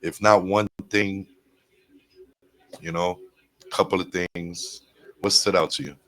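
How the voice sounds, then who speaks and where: A relaxed male interviewer who keeps things informal, calling his guest man and bro. His voice sits a little low. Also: slow, low-quality recording. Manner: laid-back, says man and bro often. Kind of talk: casual interview.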